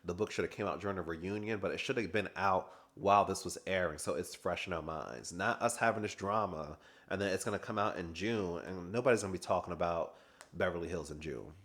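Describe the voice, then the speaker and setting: A man's voice: low-pitched, a little fast, a bit bright. A man giving a casual, sassy recap review of a reality TV reunion, chatting and laughing as he goes.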